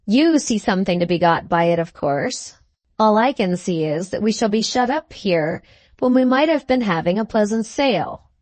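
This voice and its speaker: A cold, sneering husband from an audiobook, drawling each word slowly and cuttingly, as a woman narrator reads him. His lines sit in a middling register and sound dry and close, with no room around them. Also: mid-range voice, expressive, darkish tone, no echo, lightly acted. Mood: cold menace. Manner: superficial drawl, slow and cutting. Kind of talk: audiobook character reading.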